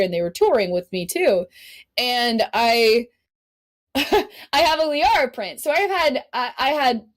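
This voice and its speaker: A woman guest on a podcast telling stories in a casual, animated way, laughing often and swearing freely. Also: mid-range voice. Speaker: podcast guest, cosplay model. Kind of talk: casual storytelling chat.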